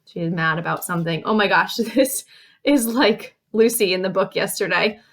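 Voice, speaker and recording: A woman teacher reading a picture book to young children, acting out each feeling with gasps, sighs and shouts. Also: medium pitch, normal speed.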